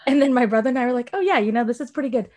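A young woman co-hosting a casual chat who laughs often and rambles quickly. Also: on the high side, animated, darkish tone. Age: young adult. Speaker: podcast co-host.

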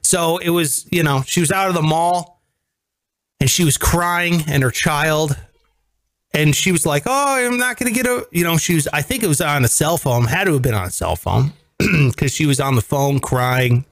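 A man hosting a casual podcast chat, telling stories with lively acted-out quotes. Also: a little high. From greater Cleveland area. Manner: animated storyteller, acts out quotes. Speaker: podcast host.

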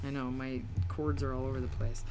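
A woman's voice: very deep voice, flat delivery, fairly quick, mellow, faint music behind. A woman co-hosting a podcast in casual chat, rambling with fillers. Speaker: podcast co-host.

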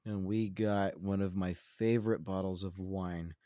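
A man's voice: low-pitched, fairly even intonation, a little slow, dark tone, no room sound, studio quality. A young man from the Central Coast of California, co-hosting a podcast in casual, self-deprecating, joking chat. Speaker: podcast co-host.

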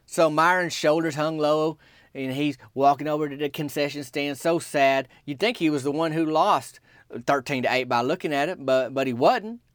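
A man telling a comic story in a rambling, deadpan, folksy way. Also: fairly high pitch, normal speed, smooth, no room sound, studio quality.

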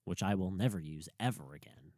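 A young man, a college student, chatting casually and ranting in an animated way that gets sharp when he is worked up. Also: deep voice, brisk, no room sound, clean studio sound. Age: young adult. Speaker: pre-med college student. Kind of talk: casual chat.

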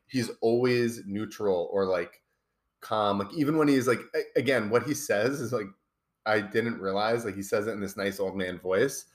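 A man co-hosting a podcast, chatting casually about a film and talking around his points with lots of restarts. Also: on the low side. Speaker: podcast co-host.

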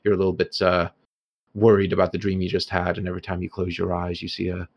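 A man narrating a tabletop game as game master, lively and laughing often, with many fillers. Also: low voice, fast, gravelly, dull audio, slight background noise.

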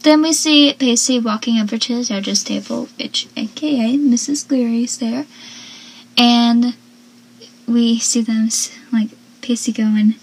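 A young woman talks through a TV episode in a loose, chatty way, leaning on lots of fillers as she goes. Her voice sits a little high and comes out breathy. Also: fairly even intonation, unhurried, low-quality recording. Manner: chatty, filler-heavy, reads out quotes. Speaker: recap commentator. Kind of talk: casual chat recapping a TV episode.

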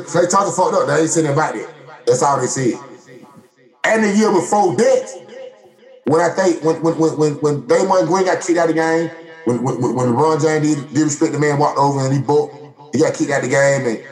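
Animated man ranting about basketball, roomy echo. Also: on the high side. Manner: animated, repetitive, mock-quoting others in a raised voice. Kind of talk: casual sports banter. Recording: echoey room.

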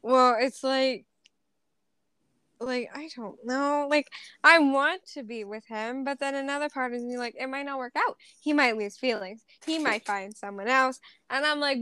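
A woman's voice: sits high, a little slow, bright, forceful tone, smooth, no echo. A young woman co-hosting a casual chat, rambling with lots of fillers and giggles. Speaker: co-host.

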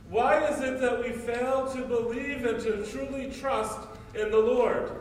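A man's voice: extremely high pitch, steady tone, unhurried, few pauses, slight background noise. A male priest giving a sermon, preaching emphatically with repeated rhetorical questions. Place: church. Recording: echoey church from far off.

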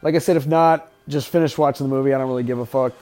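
A man's voice: mid-range voice, steady tone, very fast, a little mellow, soft background music. A man hosting a podcast, giving casual, wisecracking, profanity-laden commentary while watching a movie. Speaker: podcast host. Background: faint film soundtrack.

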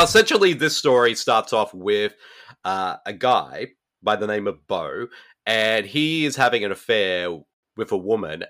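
A man hosts a casual horror podcast, recapping stories with eager, enthusiastic energy. His voice is bright and his pitch jumps around a lot as he talks. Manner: animated, enthusiastic retelling with fillers. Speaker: podcast host.

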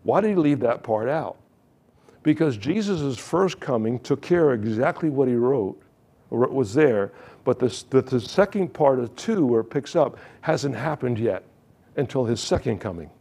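A pastor preaching a sermon, reading scripture and retelling it with joking asides. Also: male voice, medium pitch, animated, normal speed, warm tone, breathy edge.

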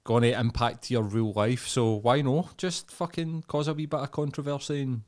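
A man's voice: mid-range voice, fairly even intonation, moderate pace, darkish tone. Sweary Scottish man ranting. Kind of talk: casual chat.

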